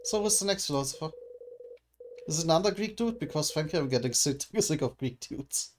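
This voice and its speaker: A man voicing a doubtful, wry young male philosopher from a game, raising his voice into a higher questioning tone. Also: lively intonation, brisk, slight background noise, natural voice. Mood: exasperated. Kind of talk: reading game dialogue aloud.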